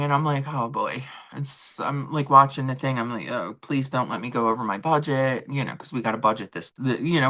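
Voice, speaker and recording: Low, bright-voiced chatty woman. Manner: chatty storytelling, swearing casually. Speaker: livestream host. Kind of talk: casual chat with viewers.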